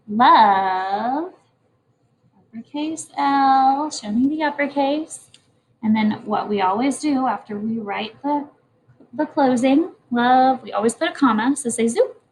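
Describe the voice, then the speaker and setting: Speaking patiently and encouragingly, a woman who teaches kindergarten runs a morning message lesson for little kids. Her voice leans high, with faint background noise on a rough recording.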